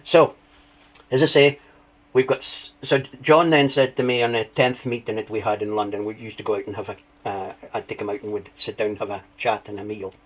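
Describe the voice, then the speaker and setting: A man telling his story as an interview guest, rambling through anecdotes with restarts and lively retellings. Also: on the low side, a little fast, rough recording. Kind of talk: conversational storytelling.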